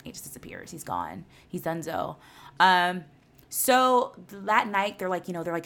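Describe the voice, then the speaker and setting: A woman's voice: lowish voice, moderate pace. A woman co-hosting a podcast, retelling a film in a casual, laughing, profane chat. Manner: animated, laughing storyteller, swears freely. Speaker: podcast co-host.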